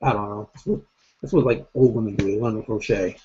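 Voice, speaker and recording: A man's voice: on the low side, steady tone, quick pace, warm tone, slight background noise. A man hosting a casual vlog, ranting bluntly and rambling with lots of swearing, a bit tired. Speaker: host. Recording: dull lo-fi recording.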